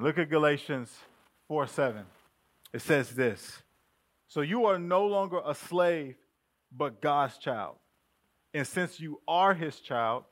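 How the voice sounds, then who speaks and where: High-voiced man preaching casually. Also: fairly bright tone. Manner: conversational preaching, addresses the congregation as family. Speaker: pastor. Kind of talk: sermon. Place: church sanctuary.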